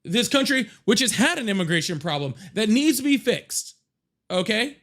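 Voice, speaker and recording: A man hosting a live political debate, angry and profane, shouting and repeating himself insistently. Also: high-pitched, big pitch swings, normal speed. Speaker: livestream debate host. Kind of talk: heated live political argument.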